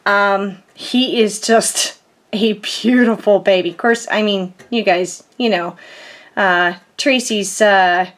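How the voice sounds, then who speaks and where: A woman's voice: mid-range voice, slow. A woman vlogger chatting casually through a crafting haul, rambling with lots of fillers and giggles, nursing a sore back. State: sore back, groans a little.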